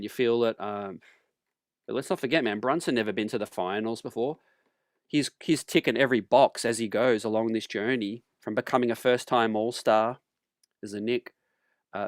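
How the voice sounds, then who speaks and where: A man hosting a sports talk channel, relaxed and casual, calling viewers fam and ladies and gentlemen and clearing his throat often. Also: mid-range voice, dry recording, studio quality.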